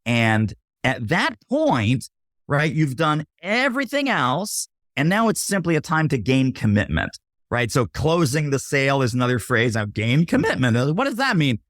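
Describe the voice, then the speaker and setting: A man talks sales on a podcast with a lively, swooping delivery. He acts out little scenes of buyers and waiters and keeps checking in with "right?" The sound is close and dry. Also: medium pitch, normal speed, no room sound. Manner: punchy teaching tone, often tags lines with "right?". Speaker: podcast guest, sales expert. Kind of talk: casual interview talk.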